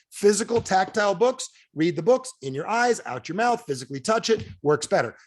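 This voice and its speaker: A man giving an energetic motivational talk to a sales team on a video call, firing rhetorical questions at his listeners. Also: on the high side, slightly rough. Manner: energetic, rhetorical questions to the audience, emphatic swings in loudness. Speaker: direct sales trainer.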